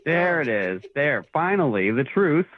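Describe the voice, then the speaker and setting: A man calls into a radio show, voice lively in pitch but stammering and fed up. The line sounds dull and dry. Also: a little slow, no echo. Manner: hesitant, stammering, exasperated. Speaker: caller confronting his nanny. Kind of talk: phone call on radio.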